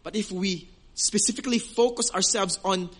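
High-voiced Filipino pastor preaching. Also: male voice, moderate pace, a bit bright. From Western Visayas, Philippines. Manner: earnest, repeats words while searching for phrasing. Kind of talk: sermon.

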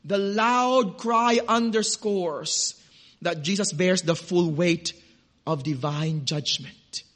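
A male pastor delivers a sermon with a very high, bright voice. He keeps calling his listeners dearly beloved and draws out the key words. The sound carries the long reverb of a church hall. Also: fairly even intonation. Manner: preaching, addresses the church as dearly beloved, slows down for emphasis. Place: church sanctuary.

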